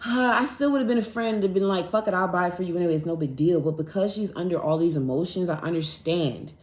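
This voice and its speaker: A young woman tells a story on her podcast, loose and profane, acting out each side of a quarrel. The sound is roomy and echoey. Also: fairly low pitch. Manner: animated, profane, acts out both sides of arguments. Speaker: podcast host. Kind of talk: casual storytelling monologue. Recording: echoey room.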